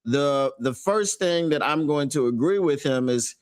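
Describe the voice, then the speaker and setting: Animated man hosting a fan sports show. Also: on the high side, measured pace. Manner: animated, emphatic, laughs often. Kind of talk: casual sports commentary.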